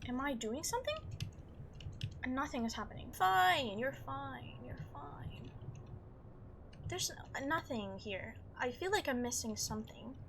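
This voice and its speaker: A woman's voice: high voice, lively intonation, measured pace, noisy background. A woman hosting a let's-play, giving nervous, jumpy commentary and talking back to the game. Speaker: gaming video host.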